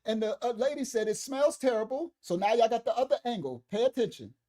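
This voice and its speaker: A speaker giving casual livestream commentary on video clips, animated, laughing often and talking back to the chat. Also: medium pitch, quick pace.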